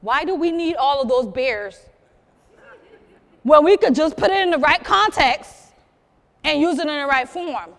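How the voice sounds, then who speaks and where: Pausing often and speaking a little slowly, a woman from South Carolina with a high-sitting voice tells stories live in a museum program room. She's lively and teasing toward the crowd she addresses directly, and she sounds as if she's in a large hall.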